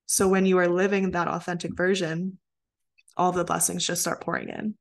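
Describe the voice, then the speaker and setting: A woman's voice: lowish voice, level tone, moderate pace, gravelly. A woman mindset coach talking as a podcast guest in an earnest, motivational way with many "like"s. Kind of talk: casual interview chat.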